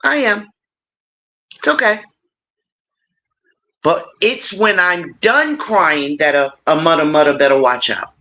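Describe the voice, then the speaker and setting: A middle-aged woman hosting a casual livestream, warmly encouraging her viewers and talking to them directly. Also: takes it slowly, long pauses. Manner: warm, encouraging, animated with big pitch swings; playful, addresses viewers directly. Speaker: livestream host.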